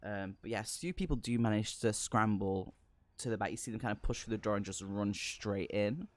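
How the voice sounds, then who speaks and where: A man's voice: on the low side, a little fast. A man narrating as game master of a tabletop horror game, with lots of ums and hesitant descriptions. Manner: hesitant, many ums and kind-ofs.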